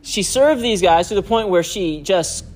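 A man's voice: high voice, animated, measured pace, a little mellow, soft background music. A man preaching through a personal story, chuckling often as he talks. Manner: chuckles often while telling stories. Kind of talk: storytelling sermon.

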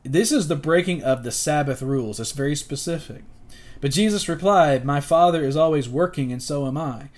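A man's voice: fairly high pitch, normal speed. A man in his forties teaching a casual Bible lesson, retelling the story and acting out the characters' lines. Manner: animated, acts out the characters' lines.

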